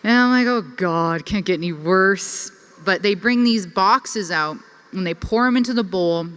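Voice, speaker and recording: A young woman speaks to a conference audience in a reverberant hall, sharing a personal story. Her mid-range voice is clear and resonant, a little slow, yet lively and chatty, packed with fillers, especially "like."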